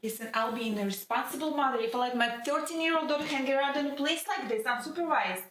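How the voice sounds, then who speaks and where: A protective mother, played by a woman, speaks firmly in a high, bright voice. The sound is echoey and picked up from a distance. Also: fast talker, slight background noise. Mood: stern. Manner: firm, protective. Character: worried mother of a teenage girl.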